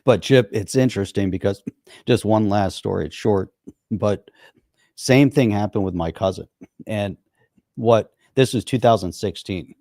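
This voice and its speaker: A man's voice: lowish voice, a little slow, dark tone, dry recording, studio quality. A man co-hosting a podcast, telling stories in a rambling, casual way with many fillers. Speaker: podcast co-host. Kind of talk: casual political chat.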